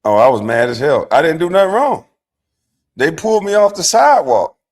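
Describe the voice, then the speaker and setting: A middle-aged man hosting a livestream, telling stories in a casual, profane, animated way, dropping from low mutters to loud outbursts. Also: brisk. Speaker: livestream host.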